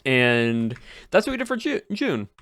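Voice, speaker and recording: A man's voice: mid-range voice, big pitch swings, measured pace, gravelly, a bit bright, dry recording. A male streamer chatting casually to his chat as he recaps the year, rambling and repeating words. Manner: rambling, repeats words, trails off mid-sentence.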